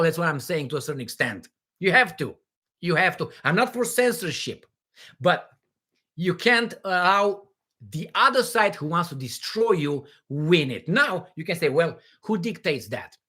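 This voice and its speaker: A man's voice: high voice, sharp tone, husky. Profane, rambling man. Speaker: livestream host answering questions. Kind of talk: live Q&A monologue.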